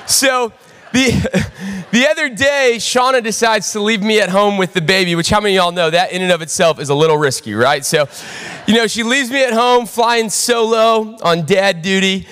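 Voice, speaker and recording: A young pastor with a very high voice preaches to a full church, telling a lively story and calling out to the crowd. Long reverb from the big auditorium hangs on his words. He talks in an animated way and keeps checking in with the room. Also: normal speed, smooth. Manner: storytelling, animated, audience call-outs. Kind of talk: sermon.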